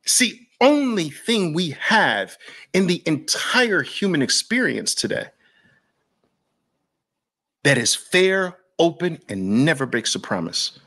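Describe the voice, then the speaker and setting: A man, from Brooklyn, leads a persuasive masterclass with a slightly high voice. He hammers home short repeated lines and keeps firing rhetorical questions at the viewer. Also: big pitch swings, slow pace, fairly bright tone. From Brooklyn, New York. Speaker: trading educator.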